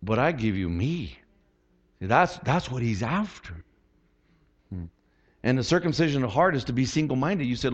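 Animated conversational male pastor, slightly muffled. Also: mid-range voice, moderate pace. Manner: animated, conversational, repeats words when starting. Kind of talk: sermon.

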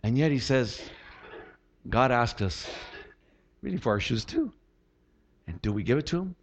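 Animated conversational male pastor, slightly muffled. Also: mid-range voice, normal speed, slight background noise. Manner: animated, conversational, repeats words when starting. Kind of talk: sermon.

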